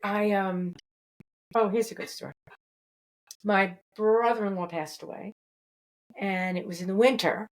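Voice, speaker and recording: A woman's voice: medium pitch, fairly even intonation, measured pace, pauses often, poor audio. A woman host on a video call, telling a personal story in a rambling, casual way. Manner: rambling, many restarts. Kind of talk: casual chat.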